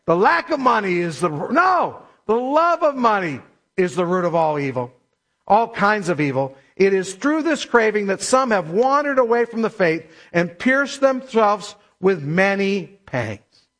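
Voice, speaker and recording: A man preaching a sermon as pastor, emphatic, slowing down to stress scripture. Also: high voice, sing-song, a bit bright. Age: middle-aged or older.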